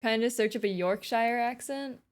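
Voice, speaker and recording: A woman's voice: fairly high pitch, normal speed. A woman with an American accent chatting casually and giggling as she plays through a story game on stream.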